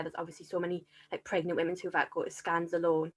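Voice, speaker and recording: A woman's voice: fairly low pitch, expressive, quick pace. A young woman, candidly telling her own story as a podcast guest. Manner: candid, self-deprecating storyteller. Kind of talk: casual chat.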